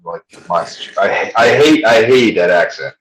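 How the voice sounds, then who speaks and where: A man with a neutral American accent hosts a laid-back chat, spinning blunt, profanity-laced stories. His voice sits very low, and the recording rings with a roomy echo. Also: expressive, measured pace, a bit bright. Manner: blunt, swearing storyteller. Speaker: podcast host. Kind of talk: casual chat.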